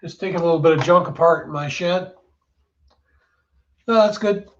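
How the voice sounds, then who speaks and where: A man's voice: a little high, moderate pace. A man chatting casually with his live-stream viewers from his shed, greeting them by name while he takes junk apart. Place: home workshop shed. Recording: dull lo-fi sound with clear background noise.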